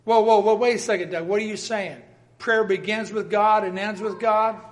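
A puzzled male churchgoer breaks in with incredulous questions, as a preacher puts him on in his own high voice. He sounds baffled and a little indignant. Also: steady tone, moderate pace, natural voice.

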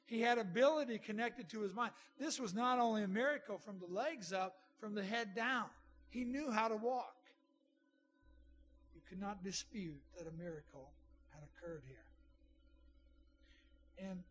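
A man's voice: high voice, normal speed, long pauses, fairly bright tone, a little hiss or hum. A middle-aged man preaching a sermon in a conversational way, with asides to the congregation. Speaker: pastor.

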